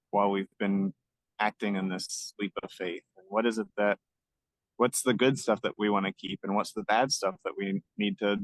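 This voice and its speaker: A man co-hosting a podcast, explaining his ideas earnestly and gently in a casual conversation. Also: fairly low pitch, no echo, low-quality recording. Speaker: podcast co-host.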